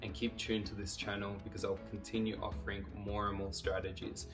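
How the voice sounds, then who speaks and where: 低めの声で穏やかに指導する男性. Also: male voice, fairly low pitch, brisk, recorded from a distance. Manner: calm, steady, talks viewers through each step. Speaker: somatic exercise instructor. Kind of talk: guided exercise instruction to camera. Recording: voice a little off-mic, music behind.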